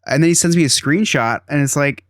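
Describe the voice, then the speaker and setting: A man's voice: fairly high pitch, fairly quick, no echo, studio quality. A man in his thirties hosting a podcast, telling an exasperated story in casual chat and acting out quotes. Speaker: podcast host.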